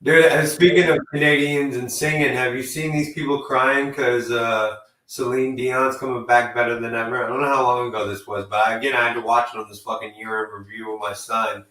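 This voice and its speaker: A man's voice: mid-range voice, steady tone, brisk, hardly any pauses, bright, forceful tone, distant mic. A foul-mouthed man rambles through a casual wrestling chat and swears constantly as he goes. He sounds set back from the mic, and his voice carries in a roomy space. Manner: profane, rambling, mocks people in put-on voices. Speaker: podcast co-host.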